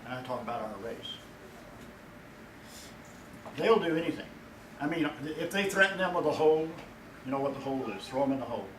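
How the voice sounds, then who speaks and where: A man's voice: a little high, expressive, a little fast, long pauses, slight background noise. Preaching man, echoey and distant. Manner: folksy preaching, rising loud when quoting God. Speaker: pastor. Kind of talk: sermon. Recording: echoey room from far off.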